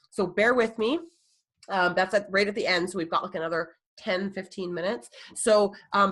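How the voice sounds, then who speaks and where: A woman life coach hosting a live webinar, gushing and excitable, full of fillers and "like". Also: mid-range voice.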